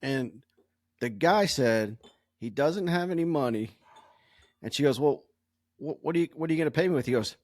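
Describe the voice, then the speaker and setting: A man's voice: medium pitch, lively intonation, moderate pace, pauses often, darkish tone, dry recording. A man, a podcast co-host and former police officer, telling stories in crude, joking casual chat.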